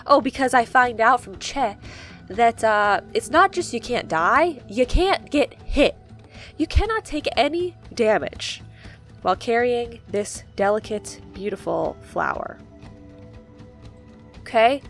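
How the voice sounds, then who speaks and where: A woman with a slightly high voice casually retells her playthrough of a game, rambling and playful as she hunts for the right words. Faint music plays in the background. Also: expressive, unhurried, a bit bright. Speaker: gaming video host.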